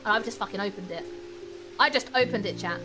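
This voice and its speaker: Quick-paced and medium-pitched, she's a British streamer talking to chat while she plays a game. Game music runs in the background, and she's recorded on a desk mic with a webcam.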